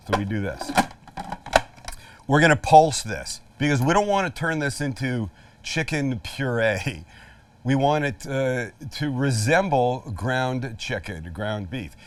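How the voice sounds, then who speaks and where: A man's voice: medium pitch, sing-song, unhurried, slight background noise. Guy doing a live cooking demo, jokey and chatty, sounds a bit far from the mic. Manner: jokey, chatty, self-deprecating. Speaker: cooking show host.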